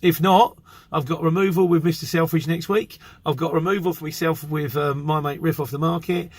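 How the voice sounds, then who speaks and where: Husky chatty English man. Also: fairly high pitch, fairly even intonation, fairly quick, dry recording. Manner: chatty, rambling storyteller. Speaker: courier driver vlogger. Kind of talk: casual vlog storytelling.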